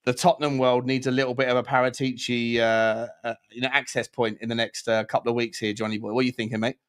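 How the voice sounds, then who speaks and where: A man's voice: mid-range voice, little pitch movement, fast, fairly bright tone, clear, resonant tone. A man hosting a casual fan chat show, blunt and opinionated, often stammering and restarting. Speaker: podcast host.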